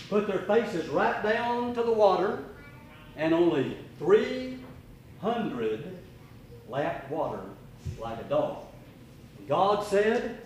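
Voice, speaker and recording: An older man preaching a sermon, telling a story with dramatic swings between loud and hushed. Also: on the high side, a little hiss or hum. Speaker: pastor. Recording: echoey room.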